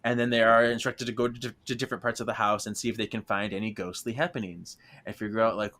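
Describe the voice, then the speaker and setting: A man's voice: on the low side, fast talker. A man co-hosting a podcast in casual chat, recapping a book with lots of laughter and acted-out lines. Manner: animated, laughing often, acts out characters' lines. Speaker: podcast co-host.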